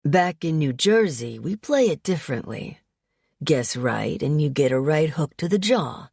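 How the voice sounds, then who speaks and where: A woman reading an audiobook, voicing a brooding male mafia man from New Jersey who talks in a low, drawling, menacing way. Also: big pitch swings, measured pace, creaky, darkish tone, slightly rough, dry recording, clean studio sound, exaggerated voice. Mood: cool drawl. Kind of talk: audiobook character voice.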